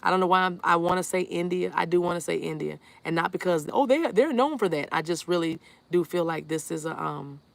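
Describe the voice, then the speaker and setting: A woman with a lowish, flat voice and vocal fry reads tarot live, moving briskly with hardly any pauses. Speaking directly to viewers, she reads out the chat and repeats soothing affirmations.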